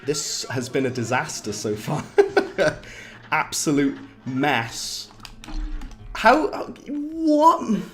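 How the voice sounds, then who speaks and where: A man with a slightly hoarse voice, chatting casually while livestreaming a game, reading chat aloud and laughing often. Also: on the high side, huge pitch swings, very slow, faint music behind. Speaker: livestreaming gamer. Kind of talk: casual live-stream commentary.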